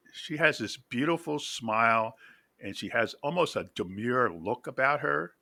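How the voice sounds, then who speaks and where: A man hosting a reaction video, chatting casually and pausing often to find his words as he recounts a story. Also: mid-range voice, pushed and bright, no room sound. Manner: halting, pauses to find words; storyteller acting out quotes.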